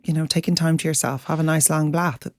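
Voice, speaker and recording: A woman co-hosting a wellness podcast, gently agreeing and offering advice in a reflective chat. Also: low voice, steady tone, quick pace, no room sound, clean studio sound. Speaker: podcast co-host.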